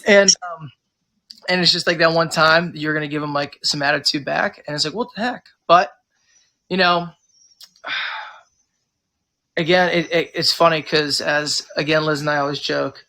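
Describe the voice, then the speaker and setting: A man's voice: on the high side, measured pace, vocal fry, pauses often. An American man who runs a pub, chatting casually in an interview and rambling through stories while acting out customers' lines. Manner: rambling, animated, acts out customers. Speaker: pub owner and manager.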